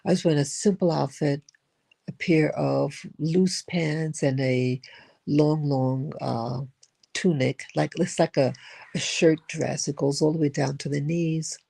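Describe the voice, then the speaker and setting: An older speaker recounts a personal encounter in a slow, unhurried monologue. The voice is gravelly and husky with a warm, mellow tone. The speaker drifts and repeats words while searching for the thread. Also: medium pitch, fairly even intonation. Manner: rambling, with frequent repeats and restarts. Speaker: spiritual vlogger. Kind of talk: reflective storytelling monologue.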